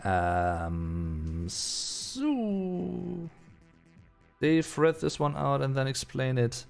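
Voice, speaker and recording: German man, live-stream Q&A host, chatty and casual, mid-pitched, soft music in the background. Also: very animated, very slow, gravelly. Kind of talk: live-stream Q&A, reading out chat comments.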